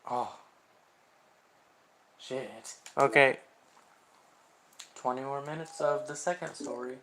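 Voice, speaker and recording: A man streaming a visual novel game, reading the narration aloud and reacting live, unhurried and quick to swear when surprised. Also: mid-range voice, steady tone, pushed and bright, a little hiss or hum.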